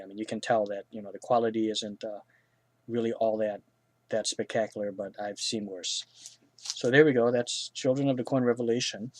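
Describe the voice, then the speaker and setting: A man's voice: lowish voice, a little mellow, slight background noise. Rambling casual man reviewing films. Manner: rambling, many fillers and restarts, frank and crude. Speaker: film reviewer. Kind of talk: casual spoken film review.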